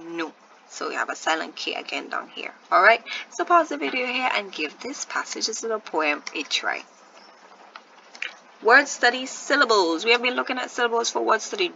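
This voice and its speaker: A woman teacher leads a recorded phonics lesson, sounding out each letter slowly and asking her pupils questions. Her voice is bright and crisp, with a gravelly edge. The recording is dull and lo-fi, with a faint hiss behind her. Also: on the high side.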